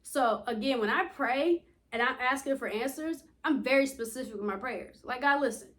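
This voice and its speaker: A woman's voice: high voice, moderate pace, fairly bright tone. A young woman vlogging in a casual, rambling way, telling stories animatedly and acting out dialogue, laughing often, recorded on wireless earbuds. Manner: laughs often while talking. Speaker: YouTuber. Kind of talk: casual rambling vlog talk.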